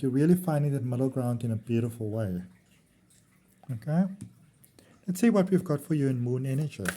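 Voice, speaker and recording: A man's voice: on the high side, warm tone. A man, giving a casual tarot reading on his channel in a chatty, rambling, affectionate way. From South Africa. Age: early 40s. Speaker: tarot reader.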